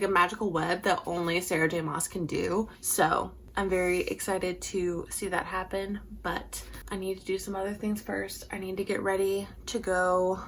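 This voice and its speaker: A woman's voice: medium pitch, fairly bright tone, a little hiss or hum. Chatty woman gushing in a roomy room. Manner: gushing and chatty, frequent "like" fillers. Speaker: book vlogger. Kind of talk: casual reading vlog chat.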